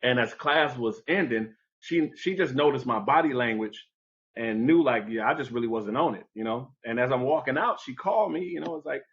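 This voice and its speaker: A man's voice: a little fast, dull audio. A man telling a story from his youth as a guest in a conversation, acting out what people said with big jumps in his voice. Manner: acts out quoted voices with big pitch jumps. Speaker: podcast guest. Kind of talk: animated storytelling.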